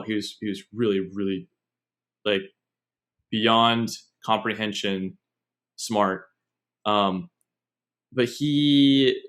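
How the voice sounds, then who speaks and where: Low-voiced young man, rambling podcast chat. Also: fairly bright tone. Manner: rambling, digressive storytelling. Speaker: podcast host. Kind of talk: casual chat.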